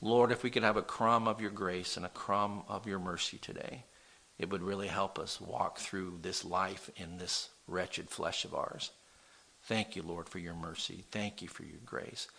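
A man pastor preaching an impassioned sermon in a church, swinging from loud appeals to hushed prayer. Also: sits low, fairly even intonation, a little slow, creaky.

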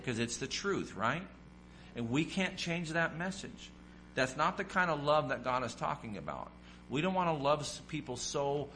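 A man's voice: on the high side, pushed and bright, slight background noise, poor audio. A man preaching a sermon, asking the congregation questions and acting out the voices of people in his stories. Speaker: pastor.

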